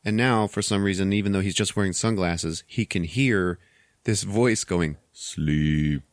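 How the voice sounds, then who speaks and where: Brief: podcast host, lowish male voice, dry close sound, animated profane recap. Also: normal speed, no echo. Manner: animated retelling, profane, laughs often. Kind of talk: casual movie recap chat.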